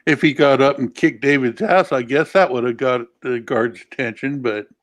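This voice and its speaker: A man's voice: medium pitch, normal speed. A man in a casual online panel chat, laid-back and joking. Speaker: panel co-host.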